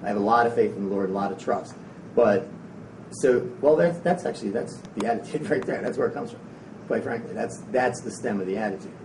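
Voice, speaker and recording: A man giving a rambling, energetic motivational talk to a live audience, frank and casual with some swearing. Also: fairly low pitch, fairly quick, distant mic. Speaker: motivational speaker. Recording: echoey room, speaker away from the mic, faint noise.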